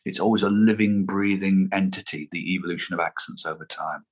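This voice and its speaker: A man's voice: deep voice, steady tone, a little fast. A man, a guest impressionist chatting in an interview, musing and relishing the sound of words. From England. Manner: musing, playful, savors words. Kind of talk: casual interview chat.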